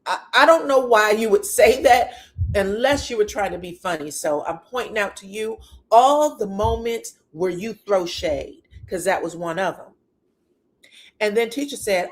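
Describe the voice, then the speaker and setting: A woman's voice: mid-range voice, expressive, moderate pace. A woman giving a sassy, casual recap of reality TV drama, full of rhetorical questions and blunt asides. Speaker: reality TV commentator.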